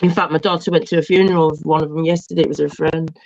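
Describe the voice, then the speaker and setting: A man's voice: fairly high pitch, flat delivery, very fast, creaky, a little mellow, slight background noise. A middle-aged man chatting casually in a plain, matter-of-fact way over dull, lo-fi call audio. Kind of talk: casual chat.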